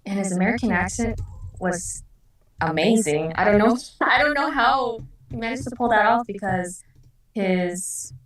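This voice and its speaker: A woman's voice: mid-range voice, a little slow. A woman chatting in a group meeting, hesitant and full of fillers. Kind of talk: casual chat. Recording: echoey room, distant mic.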